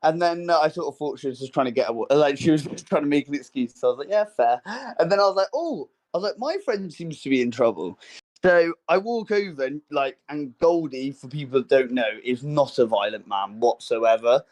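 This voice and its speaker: A young man co-hosting a casual podcast, telling a story with many fillers and restarts and acting out quotes in a higher voice. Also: fairly quick, darkish tone. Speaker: podcast co-host. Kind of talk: casual chat.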